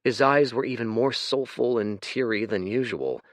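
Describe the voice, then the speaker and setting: A man narrating a science fiction audiobook in an expressive scripted reading. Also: medium pitch, moderate pace, dry recording, clean studio sound. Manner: expressive, shifts voice for characters.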